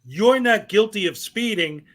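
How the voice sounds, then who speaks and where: A man hosting a casual talk show, speaking with animated energy and often repeating words as he starts a thought. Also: sits high, measured pace. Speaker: host. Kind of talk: casual chat.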